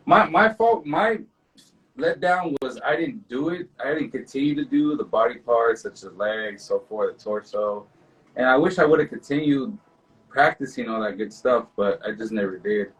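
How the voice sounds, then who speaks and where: A man's voice: mid-range voice, animated, moderate pace, fairly bright tone, recorded from a distance, poor audio. A man co-hosting a podcast in casual, laid-back chat, who trails off and swears freely. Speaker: co-host.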